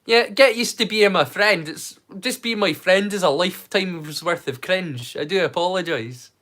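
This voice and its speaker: A British man with a slightly higher voice hosts a casual live stream. He rambles and jokes at his own expense in a relaxed, chatty tone. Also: normal speed. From United Kingdom. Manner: jokey, rambling, self-mocking. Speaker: livestream host. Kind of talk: casual live watch-along chat.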